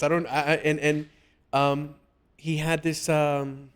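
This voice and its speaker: A man hosting a casual podcast chat, talking earnestly and haltingly with many restarts. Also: on the high side, flat delivery, smooth. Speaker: podcast host.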